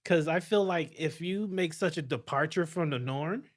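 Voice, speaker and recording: A young man with a fairly high voice talks excitedly on a casual podcast. He swears freely and trips over his words, restarting sentences as he goes. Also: moderate pace. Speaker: podcast host. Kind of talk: casual chat.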